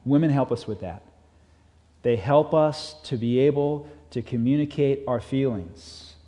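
A man's voice: mid-range voice, a little slow. Earnest male preacher in a reverberant hall. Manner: earnest, builds up then drops to soft emphasis. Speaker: pastor. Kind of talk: sermon.

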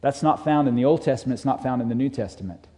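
A man's voice: mid-range voice, fast talker, dark tone. A man preaching a sermon, emphatic and repeating his key phrases, reading scripture aloud to a congregation. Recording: long hall reverb.

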